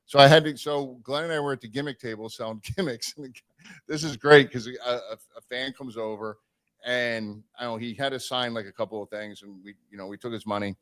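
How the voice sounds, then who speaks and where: On a live stream, a man casually tells a long road story, animated and swearing as he acts out the people he quotes. His voice is medium-pitched and brisk.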